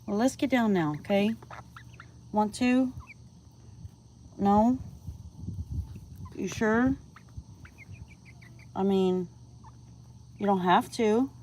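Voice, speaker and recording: A woman's voice: medium pitch, drawn-out words, pauses often, a little mellow, a little hiss or hum. A woman chatting casually on a livestream outdoors at night, cooing to her chickens and dropping to a whisper at times. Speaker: vlogger feeding backyard chickens on a livestream. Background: crickets and insects at night.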